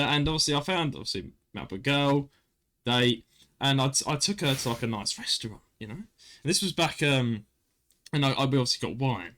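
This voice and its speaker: A young man chats as a podcast host. He tells stories in a lively way, his pitch rising and falling a lot. He keeps stopping and starting his sentences. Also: fairly quick. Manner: animated storyteller, self-interrupting with restarts. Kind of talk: casual chat.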